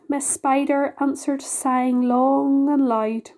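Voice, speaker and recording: A woman reading a children's book aloud in a gentle, unhurried way. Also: high voice, little pitch movement. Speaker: storyteller.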